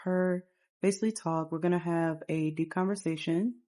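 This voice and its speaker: A woman's voice: lowish voice, fairly even intonation, moderate pace, warm tone, lightly acted. A woman voicing a chatty, self-promoting young podcast host in a life-sim game. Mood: excited.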